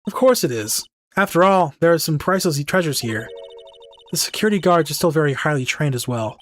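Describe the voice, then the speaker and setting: A man doing a calm, polite young woman. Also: a little high, a little fast, a little hiss or hum. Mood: earnest. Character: composed young woman, exhibit manager, earnest and polite.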